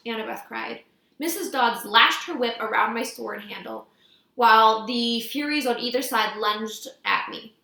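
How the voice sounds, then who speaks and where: A woman reading a novel aloud with lively, expressive storytelling, recorded in an echoey room. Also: on the high side, unhurried, gravelly. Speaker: audiobook reader.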